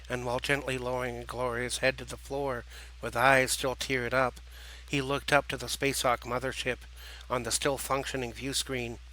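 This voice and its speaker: A man narrating an audiobook in a measured, dramatic reading style. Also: mid-range voice, pushed and bright, low-quality recording.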